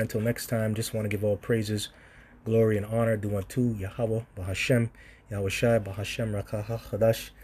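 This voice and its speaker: A man's voice: lowish voice, a little mellow, breathy edge. A man reading Bible verses aloud and commenting on them in an informal sermon style, often laughing and calling the listener "man". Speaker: scripture teacher.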